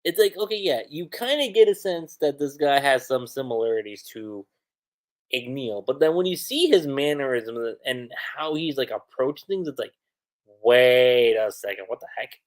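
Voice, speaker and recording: A man hosting a livestream anime review, recapping the episode in an excitable, slangy way. His pitch jumps around a lot as he talks. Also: normal speed.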